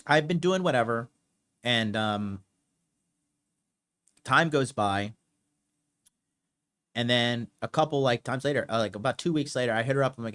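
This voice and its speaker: Young male podcast host, casual and profane, rambling storyteller with an everyday mid-pitched voice. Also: a bit bright. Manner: blunt, profane, rambling with fillers.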